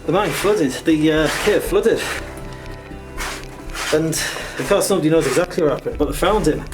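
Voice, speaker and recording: A man's voice: fairly high pitch, normal speed, poor audio. A man, chatting wryly and mocking himself as he explores underground mine passages, recorded on a camera mic. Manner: chatty, wry, self-mocking. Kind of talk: casual narration while exploring. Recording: music playing under the voice.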